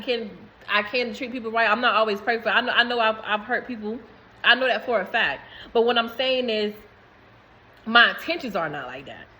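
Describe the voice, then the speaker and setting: A woman's voice: fairly high pitch, bright, forceful tone, poor audio. A woman vlogging to camera in a casual, rambling way, repeating herself and laughing between phrases. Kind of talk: casual spiritual talk to camera.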